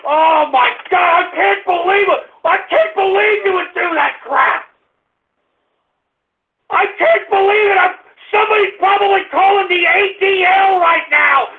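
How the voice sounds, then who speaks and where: A man hosting a call-in radio comedy show, ranting and shouting at callers in a cartoonishly high, strained voice. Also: a little slow, long pauses. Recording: tinny phone-line sound.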